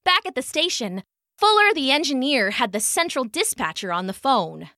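A woman telling a children's story aloud, animated and expressive, with a high, bright voice that swings widely in pitch. She plays up the sound-effect words, and the recording is dry and close with no room echo. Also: moderate pace.

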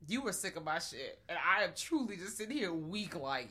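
A young woman talks through a film in casual chat, lively and prone to loud acted-out outbursts. Her voice is a little low for a woman, with a bright, forceful edge. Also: moderate pace. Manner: animated, swings into loud acted-out reactions. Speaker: podcast co-host. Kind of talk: casual movie review chat.

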